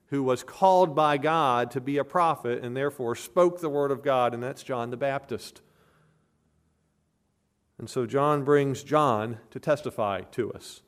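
A man preaching an expository sermon as a pastor, earnest and emphatic, hammering home points with repeated phrases. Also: mid-range voice.

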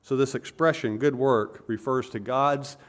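An earnest man delivering an expository sermon at a middle pitch. He explains patiently and leans into key words with emphasis. Now and then he backs up and restarts a phrase mid-thought. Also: measured pace. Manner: earnest, emphatic teaching with self-corrections. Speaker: preacher.

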